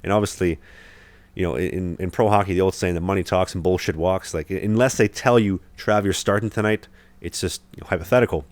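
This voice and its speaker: A man's voice: low voice, fast talker, darkish tone, dry recording. A young man hosting a podcast, telling a long story in casual chat with lots of fillers and restarts. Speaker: podcast host, hockey goalie.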